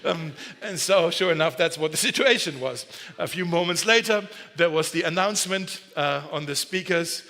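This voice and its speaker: Guy pastor preaching, kinda high and bright, jokey and chatty, big echoey church hall. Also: normal speed, vocal fry, hardly any pauses. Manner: conversational and joking, with self-corrections. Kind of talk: sermon. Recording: long hall reverb.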